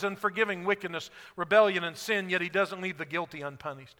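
A man preaching a sermon as pastor, rising to emphatic peaks and dropping to quiet asides. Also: sits high, fairly quick, few pauses, long reverb tail.

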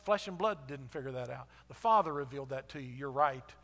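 A man voicing a calm, gentle male teacher who speaks plainly of what is to come. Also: medium pitch, a little fast, long reverb tail, pitched below the performer's own voice.

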